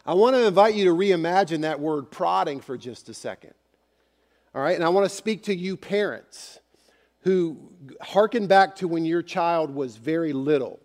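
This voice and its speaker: A male pastor preaching in a casual, direct way, as if chatting with the people in the pews. His voice sits a little high for a man. The sound rings with the long reverb of a church sanctuary. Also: moderate pace, a little mellow. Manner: conversational, speaks straight to the congregation. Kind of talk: sermon.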